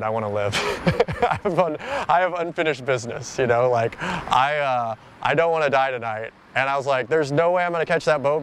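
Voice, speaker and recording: A man's voice: medium pitch, a bit bright, slight background noise. A man being interviewed outdoors, telling a personal story in a rambling, casual way, full of "like" and "you know".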